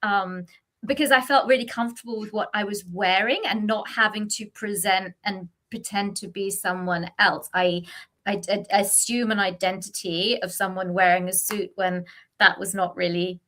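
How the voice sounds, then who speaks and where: A middle-aged woman from the UK talks on a video call in a bright, forceful voice. She is reflective and thoughtful, often trailing off, restarting and filling pauses with "um" and "like." Her pitch sits in a middle range. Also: fairly even intonation. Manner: reflective, many fillers and restarts. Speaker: guest sharing her experience. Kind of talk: casual chat.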